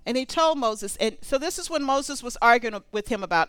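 A woman preaching a sermon, conversational and animated, reading scripture aloud between comments. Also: a little high, normal speed, hardly any pauses, clear, resonant tone, dry recording.

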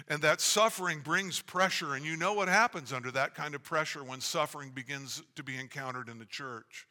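A man preaching a sermon as pastor, speaking in an earnest, measured way, often restarting his phrases. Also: fairly high pitch, bright, forceful tone. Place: church sanctuary. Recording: long reverb of a church hall.

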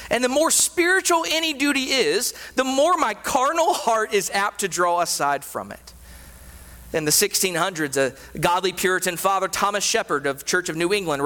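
A man preaching a sermon as a pastor, animated, with frequent rhetorical questions. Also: high-pitched. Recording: reverberant hall.

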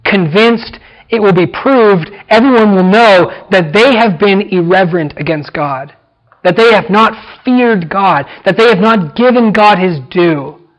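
A man preaching a verse-by-verse sermon in a fairly high voice. He drives his points home by repeating words and phrases, and he slows right down on the lines he wants to land. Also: low-quality recording. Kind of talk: expository sermon.

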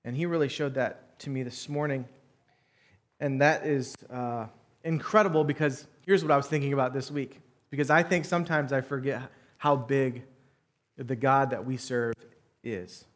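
A man's voice: mid-range voice, steady tone, normal speed. Earnest man preaching. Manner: earnest, emotional, many fillers and restarts. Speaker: preacher and church elder. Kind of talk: church announcements then sermon. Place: church sanctuary.

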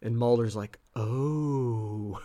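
A man, a podcast host casually retelling a TV episode, chatty with quick acted-out quotes. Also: medium pitch.

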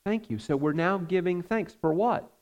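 A man preaching a sermon as pastor, earnest and measured, with frequent fillers. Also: high voice.

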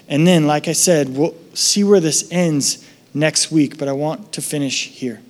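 Man, pastor, high voice, animated sermon storytelling, acts out voices, goes quiet and low for prayer. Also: normal speed. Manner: animated storytelling, acting out voices in his anecdotes; drops to a soft, low voice for reflective and prayer moments.

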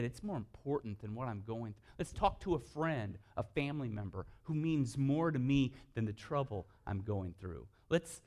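A pastor with a medium-pitched voice preaches a sermon, telling humorous stories and swinging between hushed, earnest moments and loud, lively bursts.

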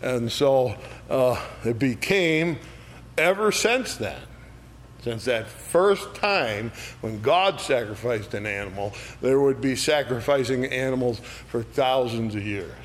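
A man's voice: mid-range voice, slow pace, slight background noise. A man leading an adult Bible study, explaining verses in a conversational way and often checking in with "all right?". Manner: explains verses by acting out lively quoted voices. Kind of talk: unscripted Bible study teaching.

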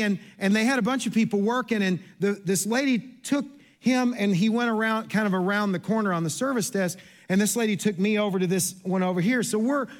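A man preaching a sermon as pastor, telling a story in a chatty, self-deprecating way with many restarts. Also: high voice. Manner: chatty, self-deprecating, restarts often, acts out quoted people. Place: church sanctuary.

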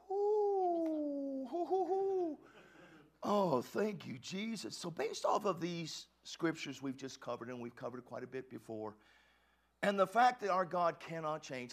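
A male pastor preaching a sermon, swinging from hushed, quiet lines to fervent shouts, often repeating words and restarting sentences. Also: a little high, expressive, moderate pace.

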